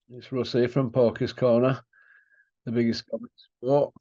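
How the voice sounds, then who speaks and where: A man's voice: mid-range voice, level tone, normal speed, warm tone. A man with a Leeds accent hosting a casual chat, teasing his guest and rambling into stories over a video call. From England. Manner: joking, teasing, rambling storyteller. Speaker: host. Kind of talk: casual banter. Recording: dull lo-fi call audio.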